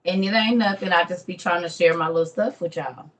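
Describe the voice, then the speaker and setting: A woman's voice: lowish voice, fairly quick, low-quality recording. A middle-aged woman, chatting casually with viewers on a morning livestream from home, calling them y'all. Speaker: livestream host. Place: home room.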